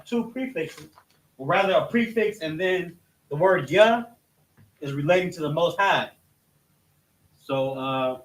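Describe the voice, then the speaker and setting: A man teaching a scripture lesson in a halting way, often restarting his sentences as he points things out on a board. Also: on the high side. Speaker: religious teacher. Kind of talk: classroom-style scripture lesson. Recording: echoey room, mic at a distance.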